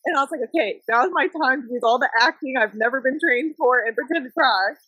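A young woman telling a high-school story in casual chat, animated and full of "like". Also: fast, slightly rough, no room sound. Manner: animated, lots of "like", laughs often. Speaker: podcast guest.

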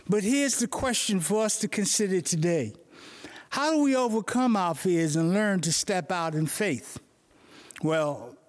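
A male pastor preaching an earnest morning sermon, telling stories to make his points. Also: on the high side.

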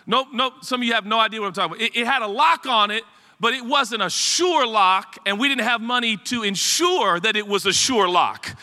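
Man preaching, high bright voice, animated storytelling, church hall reverb. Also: a little fast. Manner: animated and chatty, rambling asides to the congregation. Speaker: pastor. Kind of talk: storytelling sermon. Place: church sanctuary.

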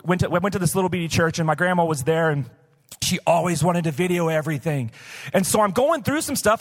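Speaking in a high, slightly bright voice with a big-room sound, this man preaches live in a church auditorium. He's a pastor from Missouri's Boot Heel, USA, and his sermon is casual, candid, and chatty, heavy on "like" fillers.

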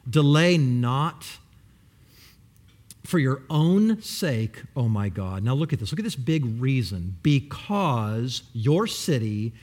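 A man preaching a sermon with passion, swinging between loud pleading and hushed, near-whispered lines. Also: medium pitch, sing-song, slow pace. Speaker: pastor.

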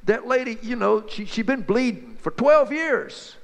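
A man telling Bible stories as a folksy, excited back-and-forth chat between two friends. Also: very high voice, unhurried, vocal fry, big-room sound. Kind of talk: two-voice dramatized Bible storytelling.

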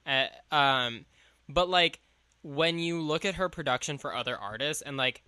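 A young-sounding man with a bright, fairly high voice, chatting loosely about music as a podcast co-host. He rambles and fills every gap with "like." The sound is dry and close. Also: normal speed, clean tone, dry recording. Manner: rambling, heavy use of "like", trailing off. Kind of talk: casual chat about music.

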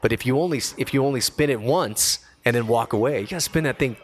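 Quick-paced and mid-range in pitch, this man in his forties, who works as a radio host, tells an animated, slang-filled story during a relaxed podcast conversation, acting out the quoted voices with gusto.

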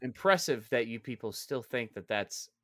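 Man, podcast co-host, profane ranting banter, bright forceful voice, dry close sound. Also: mid-range voice, lively intonation, normal speed, dry recording. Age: adult father of three.

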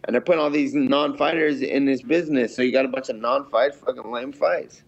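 A man's voice: mid-range voice, brisk, vocal fry. Blunt, foul-mouthed man on lo-fi audio. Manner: blunt, heavily profane, acts out his own past remarks. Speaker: fighter being interviewed. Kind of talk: casual interview talk. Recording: dull lo-fi sound.

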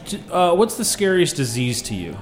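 A man's voice: fairly high pitch, sing-song, normal speed. A man hosting a radio show, interviewing a guest in a teasing, playful way. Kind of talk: casual interview.

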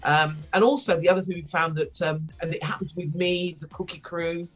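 A middle-aged woman from Wolverhampton with a mild West Midlands accent, chatting as a podcast guest, laughing often and filling pauses with ums. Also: fairly low pitch, flat delivery, soft background music. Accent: mild West Midlands English. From Wolverhampton, England. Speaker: guest, former rapper. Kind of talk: podcast interview.

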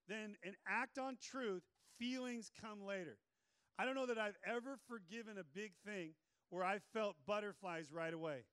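A male pastor preaching a sermon in an energetic, joking way with playful asides. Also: high voice, clean tone, no echo.

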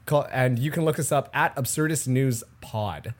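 A man's voice: mid-range voice, moderate pace. A man hosting a casual comedy podcast, joking and laughing with sarcastic asides. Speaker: podcast host.

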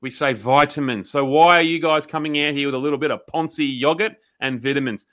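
A man's voice: on the high side, steady tone, fast talker, fairly bright tone. An Australian man co-hosting a podcast, delivering a blunt, sweary, mock-outraged rant. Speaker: podcast co-host. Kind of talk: ranting comedy segment.

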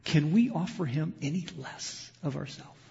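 A male pastor preaching a sermon, moving between loud, impassioned emphasis and quiet, hushed storytelling. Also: on the high side, animated, moderate pace, vocal fry, slight background noise. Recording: lo-fi sound with long hall reverb.

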